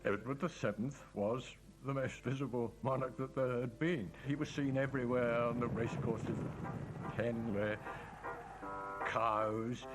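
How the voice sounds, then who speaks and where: A man's voice: mid-range voice, steady tone, a little slow, music in the background. A man speaking admiringly about history in a documentary interview. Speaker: interviewed commentator.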